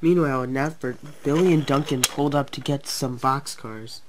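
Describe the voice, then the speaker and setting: A man's voice: mid-range voice, moderate pace, a little hiss or hum. A young man narrating a homemade toy train story, voicing every engine himself with light voice changes. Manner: reads every character in lightly shifted voices.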